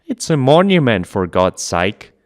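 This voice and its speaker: A man voicing an older grandmother who talks in a brisk, matter-of-fact, folksy way. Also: mid-range voice, big pitch swings. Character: older woman, a practical grandmother.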